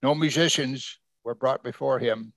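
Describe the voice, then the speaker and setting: A man's voice: mid-range voice, normal speed, a bit bright, no room sound. A man preaching a conversational sermon, reading scripture verse by verse and putting questions to his listeners. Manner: conversational, asks the congregation questions. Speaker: pastor.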